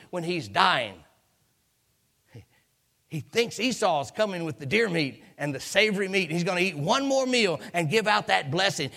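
A man preaching with a sharp, forceful tone and a gravelly edge. His pitch sits a little high for a man. He tells the story with emphatic, rising delivery and calls out hallelujah again and again. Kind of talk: sermon.

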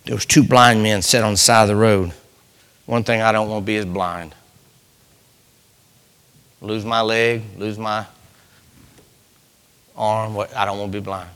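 Fiery preacher, bright voice. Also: male voice, fairly low pitch, steady tone, unhurried, long pauses, clear, resonant tone, in a large hall. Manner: preaching with sudden swings from loud cries to hushed near-whispers. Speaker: pastor. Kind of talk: sermon.

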